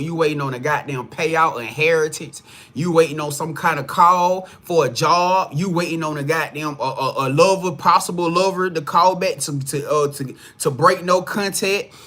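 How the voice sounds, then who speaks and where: A man holds forth as a spiritual reader on a live stream. His voice sits a little higher than most men's, and he swears freely while calling the viewers y'all in a loose, preachy way. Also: normal speed, pushed and bright. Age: adult parent. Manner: profane, blunt, preachy, addresses viewers as y'all. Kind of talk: casual spiritual talk to a live audience.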